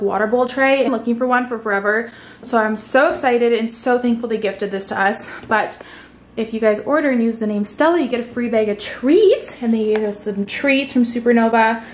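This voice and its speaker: Young woman, upbeat vlog chat, fairly high voice, camera mic at home, faint room hum. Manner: chatty, upbeat, filler-heavy. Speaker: vlogger.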